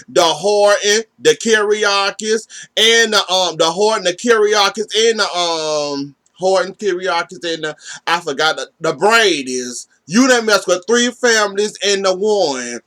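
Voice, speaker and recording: A man's voice: sits high, pushed and bright. Sassy man talking to soap characters. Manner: talks straight to the characters, sassy and teasing. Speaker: soap opera recap host. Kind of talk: casual recap commentary.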